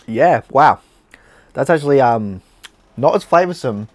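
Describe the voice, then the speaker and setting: A man's voice: mid-range voice, lively intonation, measured pace, a little hiss or hum. Blunt Australian man tasting beer. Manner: blunt, chatty, mixes in swearing and slang. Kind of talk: casual beer review vlog.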